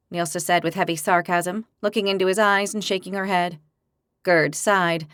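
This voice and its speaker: A woman narrating a fantasy audiobook with even, clear storytelling, recorded on a close studio mic. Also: mid-range voice, moderate pace, no echo.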